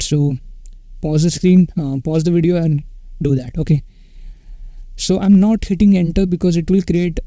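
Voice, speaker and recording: A man teaching a coding tutorial in an unscripted, casual way, pausing with fillers and checking in with "okay" as he goes. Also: fairly high pitch, mellow, no echo, poor audio. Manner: unscripted, many fillers and self-corrections, says "okay" often.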